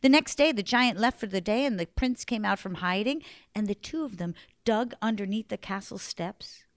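A woman storyteller telling a folktale live to children, in a lively, animated way. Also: medium pitch, moderate pace, dry recording.

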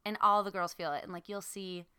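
Young woman guest spinning chatty anecdotes, bright and crisp. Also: medium pitch, fairly even intonation, brisk. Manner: chatty, fills with "like", laughs often. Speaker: guest, country singer. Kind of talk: casual storytelling chat.

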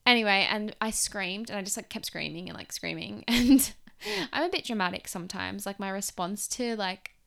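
A young woman hosting a podcast, telling a personal story in a chatty, expressive way with many fillers. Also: medium pitch, vocal fry. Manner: chatty and expressive, heavy use of "like". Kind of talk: casual storytelling monologue.

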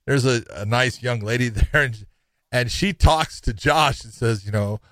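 A middle-aged man co-hosting a casual talk show about fights, with a voice at an ordinary pitch. He tells stories in an animated way and breaks down matchups. The sound is close and dry. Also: a little slow, dry recording. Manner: animated storyteller, laughs while telling. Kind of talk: casual chat and fight analysis.

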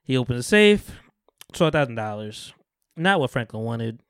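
A podcast host chatting casually, retelling a TV episode with lots of slang and acting out the characters' lines. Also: male voice, medium pitch, measured pace, clear, resonant tone, no echo, clean studio sound. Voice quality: profane, loose slang-heavy delivery. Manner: animated storyteller, acts out characters' lines in voices. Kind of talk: casual chat recapping a TV show.

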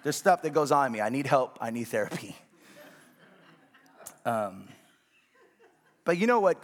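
A man preaching a sermon as pastor, speaking conversationally and often checking whether the congregation is following. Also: medium pitch.

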